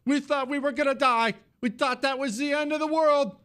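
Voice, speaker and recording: A man putting on a mocking, high falsetto of a weepy woman, exaggerating her tearful tone with heavy sarcasm. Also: fairly even intonation, normal speed, fairly bright tone.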